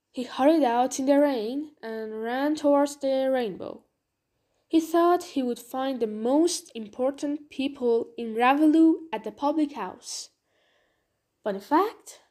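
A woman reading a storybook aloud in a slow, clear narration. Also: sits high, a little mellow.

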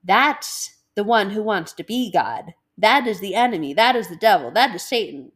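A woman talks casually about faith in a relaxed devotional style. She is animated and acts out inner voices as she goes. She laughs often. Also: medium pitch, moderate pace.

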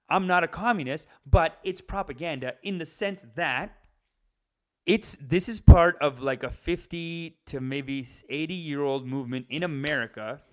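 Man, comedic rant, lively swooping delivery, fairly high voice, profane, repeats himself. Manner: animated, profane, repeats itself, slips into mocking voices.

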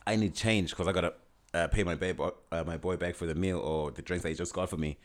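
A young man with a very low, deep voice tells a personal story in a loose, casual way. He talks in an animated rush, restarting sentences and acting out what people said. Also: brisk. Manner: animated, frequent restarts and quoted dialogue.

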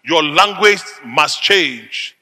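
Male preacher from Africa, middle-aged; tense, sharp and forceful delivery; emphatic repetition; large reverberant hall. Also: fairly high pitch, animated, drawn-out words. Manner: emphatic, repetitive declarations, sudden loud bursts. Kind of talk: sermon.

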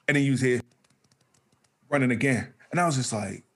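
A man spinning a childhood story at a quick clip, his voice sitting mid-range. He acts out the people in the story and laughs often as he goes, with in his speech. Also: mid-range voice. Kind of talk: casual storytelling.

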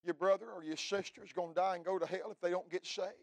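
Male pastor, middle-aged, fervent sermon voice, a bit high, dry close sound, loud peaks to quiet lows. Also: fairly even intonation, quick pace, vocal fry, no echo. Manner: preachy, swings from shouting to hushed. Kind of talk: fiery revival sermon.

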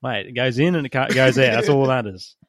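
A man's voice: medium pitch, quick pace, a bit bright. A young Australian man hosting a podcast, chatting casually, laughing often and swearing constantly. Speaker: podcast host. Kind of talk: casual banter.

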